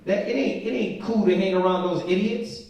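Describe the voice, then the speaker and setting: A man teaching a Bible study, reading scripture slowly and with emphasis, then breaking into casual, slangy commentary. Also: high-pitched, a little mellow. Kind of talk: informal scripture study sermon. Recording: very echoey room from a distant mic.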